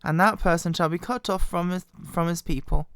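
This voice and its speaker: Woman, hoarse with a cold, halting and quiet, smooth tone under the strain. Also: no room sound. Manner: quiet, halting, voice wobbling in pitch. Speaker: Bible reader. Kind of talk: slow scripture reading. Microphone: very close to the microphone.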